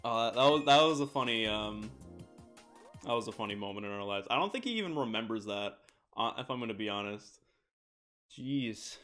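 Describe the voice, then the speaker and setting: A man's voice: fairly low pitch, expressive, normal speed, a bit bright, faint music behind. A young man from the United States telling a rambling, laughing story on a live stream, swearing often.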